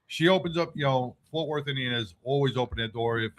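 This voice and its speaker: A man hosting a casual panel chat, talking in a halting way with frequent restarts and stammers. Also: mid-range voice. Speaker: host.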